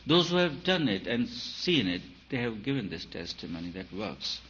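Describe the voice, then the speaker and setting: A man giving a spiritual talk, emphatic and repetitive, his voice swelling and dropping in loudness. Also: medium pitch. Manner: emphatic, repeats phrases, rises and falls in loudness. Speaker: spiritual teacher. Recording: dull lo-fi recording with faint hiss.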